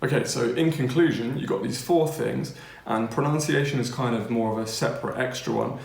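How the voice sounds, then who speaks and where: An English man talks through a language lesson in a relaxed, chatty way, checking in with his listeners every few sentences. His voice has a gravelly edge and sits at a middling pitch. The room around him rings with noticeable echo. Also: brisk. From England. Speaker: language-learning teacher. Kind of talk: casual spoken lesson.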